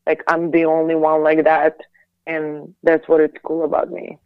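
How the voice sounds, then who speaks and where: A woman from Latvia, a singer and actress, talking casually as an interview guest in quick bursts full of restarts and fillers. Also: deep voice, completely flat delivery, clean tone, no room sound. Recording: dull, dry lo-fi audio.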